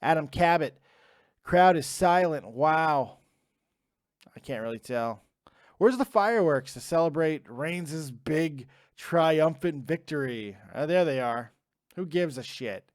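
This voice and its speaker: Lively man reading live chat. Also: fairly high pitch, takes it slowly, no echo, clean studio sound. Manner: casual, swears freely, reads chat names aloud. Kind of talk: live stream commentary.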